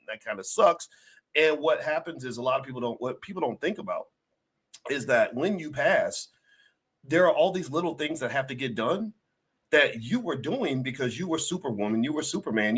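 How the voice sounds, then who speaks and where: A middle-aged man hosts a live finance stream, talking straight to his viewers in the chat. He is folksy and a little preachy, leans on fillers, and acts out small scenes to make his points. His voice sits at an ordinary mid pitch. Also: a bit bright. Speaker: finance professor and show host. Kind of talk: livestream talk to chat viewers.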